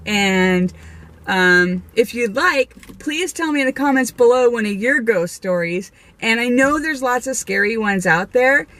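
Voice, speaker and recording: A woman vlogger casually telling her own ghost stories, rambling with many restarts and laughs. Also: mid-range voice. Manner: rambling, chatty, with frequent fillers, restarts and laughs. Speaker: vlogger and medium. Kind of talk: casual storytelling.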